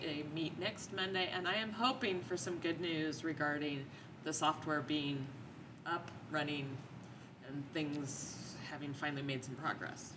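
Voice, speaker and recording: Low-voiced woman heard from a distance. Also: fairly even intonation, a little slow. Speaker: city council member. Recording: distant mic with room noise.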